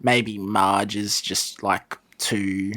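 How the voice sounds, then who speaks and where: A man co-hosting a podcast in relaxed, casual chat, asking questions and laughing along. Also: on the low side, extremely slow. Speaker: podcast co-host.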